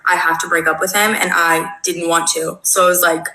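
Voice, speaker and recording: A woman's voice: on the low side, flat delivery, fairly quick, pushed and bright, echoey room, rough recording. A young woman telling a dramatic personal story, emphatic and swearing, often checking in with "okay?". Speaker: storyteller in a played clip.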